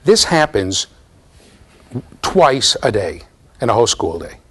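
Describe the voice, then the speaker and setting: Middle-aged male lecturer, lively sing-song delivery, playful, demonstrates with students in a big hall. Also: fairly low pitch, slow, breathy edge. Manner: animated, playful, addresses students directly. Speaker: university lecturer. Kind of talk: classroom lecture with live demonstration.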